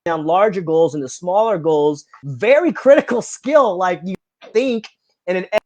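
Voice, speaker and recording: High-voiced, earnest man rambling on. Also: moderate pace, a little mellow, no echo. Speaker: podcast guest. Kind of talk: casual podcast conversation.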